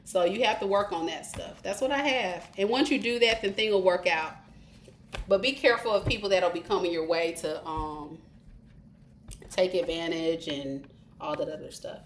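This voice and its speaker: A woman's voice: fairly low pitch, moderate pace. A woman giving a live-streamed tarot reading, chatty and informal, talking straight to her viewers. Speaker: tarot reader. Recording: roomy echo with faint hiss.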